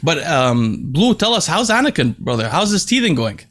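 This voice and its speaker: A young man hosting a casual podcast chat, animated and laughing as he tells stories. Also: on the high side, moderate pace. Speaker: podcast host. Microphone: remote call mic.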